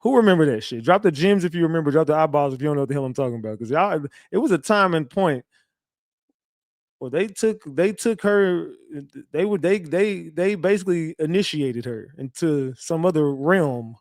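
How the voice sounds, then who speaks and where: Guy doing live commentary, loud teasing, calls out chat, high-ish voice, dry sound. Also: lively intonation, normal speed, no room sound. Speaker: livestream commentator.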